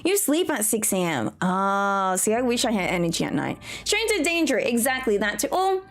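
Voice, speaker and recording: A woman's voice: medium pitch, big pitch swings, normal speed. A young Australian woman streaming a farming game, chatting casually with a giggly, rambling manner. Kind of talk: casual chat while gaming.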